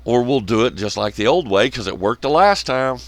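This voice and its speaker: A man's voice: mid-range voice, lively intonation, fairly quick, no room sound. A man hosting his own channel, delivering a profane, sarcastic ranting monologue and mocking others in scornful quotes. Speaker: channel host.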